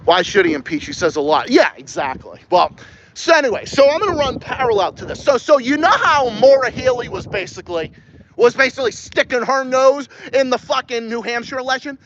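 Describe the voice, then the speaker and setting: A podcast host from Massachusetts with a New England accent rants with heavy profanity while taking viewer questions outdoors. His voice sits unusually high and jumps around a lot. The recording sounds dull and lo-fi, with faint noise behind him. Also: expressive, fairly quick, fairly bright tone. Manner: profane, heated ranting. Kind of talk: ranting live-stream podcast with viewer questions.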